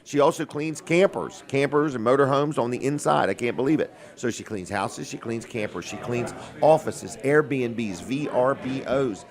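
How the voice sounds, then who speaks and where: Folksy radio host. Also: male voice, mid-range voice, normal speed, few pauses. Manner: folksy, joking salesman patter. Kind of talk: casual radio talk and sales pitch.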